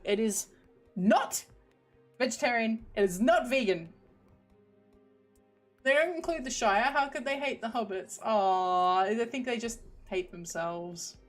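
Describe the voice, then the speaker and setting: A woman's voice: fairly high pitch, expressive, a little slow. A young woman from the United Kingdom streaming, chatting casually in a rambling, giggly way that trails off into mumbles. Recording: faint background music.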